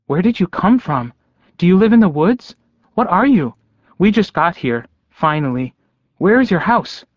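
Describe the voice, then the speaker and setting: A man voicing an excited, eager young werewolf boy who pelts out breathless questions in a raised voice. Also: high voice, moderate pace, no echo, muffled recording, pitched above the performer's own voice.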